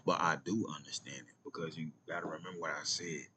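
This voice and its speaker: A man's voice: extremely low pitch, fairly even intonation, fast talker, pushed and bright, a little hiss or hum. A man with an Atlanta accent telling stories in a casual vlog, loose and slangy, often dropping to near-whispers. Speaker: vlogger.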